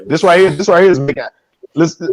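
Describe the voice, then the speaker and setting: A man's voice: fairly high pitch, fast talker, crowd noise. A man hosting a talk show, speaking casually and emotionally, often stumbling and repeating his words. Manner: repeats words, stammers when upset.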